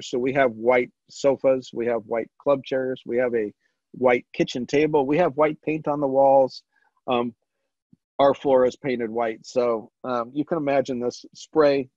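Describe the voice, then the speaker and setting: Man, webinar presenter, halting with lots of ums, dull lo-fi call audio. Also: mid-range voice, no room sound. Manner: halting, with frequent ums and restarts. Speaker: webinar presenter on stress management. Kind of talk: conversational webinar talk. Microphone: video call.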